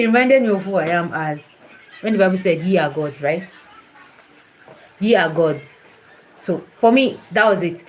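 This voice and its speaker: A woman's voice: medium pitch, low-quality recording. A woman talking casually and encouragingly to a follower, laughing often as she talks. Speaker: host.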